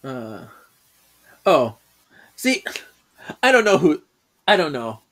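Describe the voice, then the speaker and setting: Lively podcast co-host recapping a comic. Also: medium pitch, takes it slowly. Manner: animated, laughs often while recapping. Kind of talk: casual chat, reading manga aloud.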